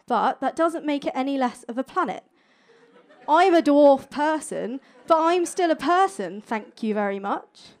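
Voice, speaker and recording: High-voiced cheeky woman comic. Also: darkish tone. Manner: playful, cheeky, quick with jokes. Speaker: stand-up science comedian. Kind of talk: stand-up comedy set. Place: stage before a live audience.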